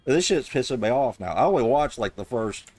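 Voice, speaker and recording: A man's voice: mid-range voice, lively intonation, fairly quick, darkish tone, no room sound, faint music behind. A man streaming, reacting to a clip in casual, blunt, profane and mocking commentary on a close mic.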